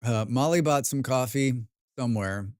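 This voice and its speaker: A man's voice: mid-range voice, moderate pace, a little mellow, clean tone, dry recording, clean studio sound. An American man chatting casually while streaming a game, rambling and swearing with self-mocking asides. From United States.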